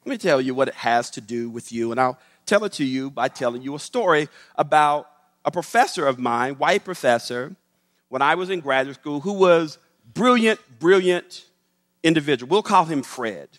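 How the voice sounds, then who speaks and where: A man giving a public talk, telling a story with emphatic, animated delivery. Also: a little high, moderate pace. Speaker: speaker. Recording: echoey hall.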